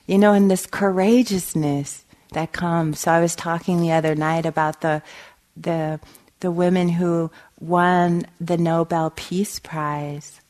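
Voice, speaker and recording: Female meditation teacher, lowish voice, storytelling dharma talk with frequent laughter. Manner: storytelling, laughs often, animated. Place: meditation hall.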